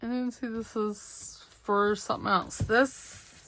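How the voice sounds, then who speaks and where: Woman, middle-aged, unhurried, chatty, self-deprecating, crafting vlog host. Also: on the high side, fairly even intonation, a bit bright. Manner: chatty, self-deprecating, talks to herself while working. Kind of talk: casual crafting vlog talk.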